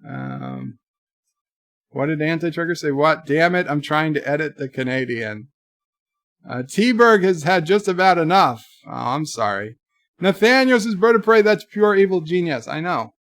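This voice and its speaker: A man's voice: on the high side, lively intonation, unhurried, a bit bright, no echo, clean studio sound. A man hosting a casual livestream, rambling and joking while reading chat messages aloud. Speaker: livestream host.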